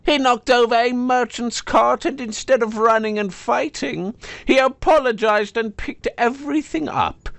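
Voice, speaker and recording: A man's voice: very high-pitched, measured pace, creaky, hardly any pauses, a bit bright, dry recording, pitched above the performer's own voice, heavily acted. A man narrating a fantasy story, voicing a blunt, hearty blacksmith wife. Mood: amused.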